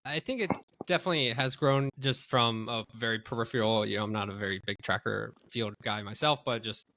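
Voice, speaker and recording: Male interviewer with a bright, forward tone; casual, meandering questions, dry close mic. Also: fairly low pitch, brisk, no echo. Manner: loose, searching phrasing with many fillers. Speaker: podcast host.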